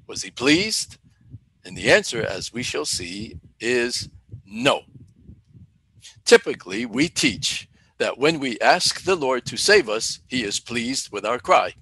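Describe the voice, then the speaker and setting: A man teaching a Bible lesson in a deliberate way, asking questions and then answering them himself. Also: medium pitch, a bit bright, a little hiss or hum, poor audio. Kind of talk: teaching sermon.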